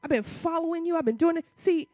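High-voiced impassioned woman preacher. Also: quick pace, no room sound. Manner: impassioned, rising to loud emphatic peaks; uses casual church vernacular, rhetorical questions. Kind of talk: sermon.

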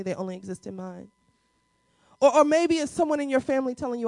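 High-voiced woman preaching a sermon. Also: very animated, no room sound. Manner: call-and-response preaching, repeats key lines slowly; playful asides with quick dips into a low, quiet voice. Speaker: pastor.

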